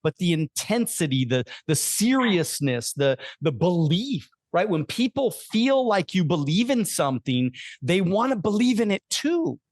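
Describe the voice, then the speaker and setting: A man hosting a podcast in casual conversation, animated and emphatic, often checking in with his guest. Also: sits high, measured pace, few pauses, no echo, studio quality. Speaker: podcast host.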